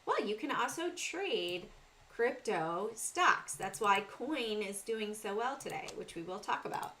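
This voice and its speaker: A woman's voice: medium pitch, animated, measured pace, a bit bright. A middle-aged woman with a Southern US accent hosting a casual trading livestream, talking through charts and greeting chat viewers by name.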